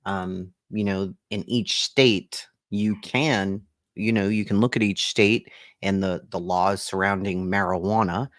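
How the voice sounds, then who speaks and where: Man reacting casually, profane and laughing, lowish voice, dry close sound. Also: fairly even intonation, a little slow, few pauses, dry recording. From Boston, USA. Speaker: streamer reacting to a debate.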